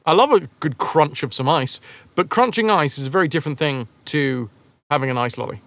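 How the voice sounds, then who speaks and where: A man's voice: on the high side, lively intonation, a little fast, creaky, a bit bright, dry recording. A man chatting casually on a game live stream, rambling and joking as he answers chat messages.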